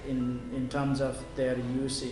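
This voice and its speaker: A man with a Nepali accent giving a measured lecture, with frequent fillers. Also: mid-range voice, monotone, music in the background. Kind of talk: lecture on language policy. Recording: echoey room with clear noise.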